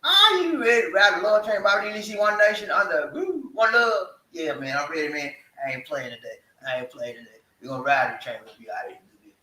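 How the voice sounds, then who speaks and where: A man's voice: high voice, lively intonation, fairly quick, few pauses, bright, forceful tone. A man hosting a live stream, hyping viewers with call-and-response chants and preacher-like fervor. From American South. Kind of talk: hyped live stream chat. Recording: echoey room, mic at a distance.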